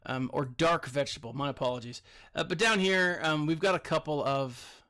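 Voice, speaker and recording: A man with a somewhat high-pitched voice gives relaxed commentary on his game. He sounds a little tired, and his talk wanders with plenty of fillers and restarts. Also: normal speed. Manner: rambling, filler-heavy, chatty. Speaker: teacher. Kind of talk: casual gameplay commentary.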